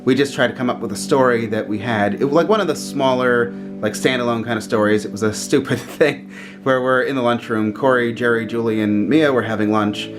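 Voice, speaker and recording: A man's voice: medium pitch, a little fast, over music. A man in his thirties telling a casual vlog story and laughing often. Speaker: vlogger.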